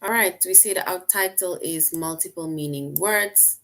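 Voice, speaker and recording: A woman's voice: fairly low pitch, measured pace, pushed and bright. A woman teacher explaining a lesson patiently to her class online, often checking in with "right?".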